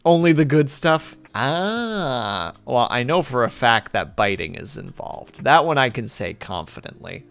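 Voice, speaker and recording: A man's voice: mid-range voice, big pitch swings, measured pace, vocal fry, few pauses, fairly bright tone, smooth, faint music behind. A man streaming live, chatting casually and rambling with his viewers in a self-deprecating way.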